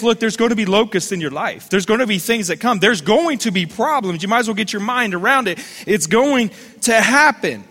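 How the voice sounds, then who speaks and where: A man's voice: high-pitched, a bit bright, in a large hall. A man preaching a sermon as the pastor of a church, calling on listeners to repeat phrases back to him. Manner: fervent preaching with call-and-response.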